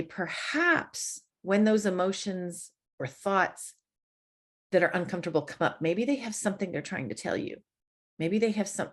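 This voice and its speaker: A woman preaching a conversational sermon, chatty and quick to laugh. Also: on the low side. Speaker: church speaker.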